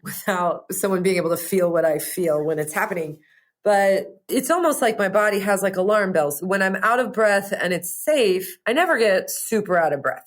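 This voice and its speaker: A young adult woman talking casually in an interview, earnest and reflective, with frequent "you know" and "like" fillers. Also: lowish voice. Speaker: podcast guest, patient sharing her story.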